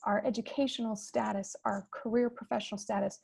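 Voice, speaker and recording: A woman moderating a fireside chat over a video call, explaining terms in a measured, teacherly way. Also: on the high side, level tone, gravelly, darkish tone, breathy edge.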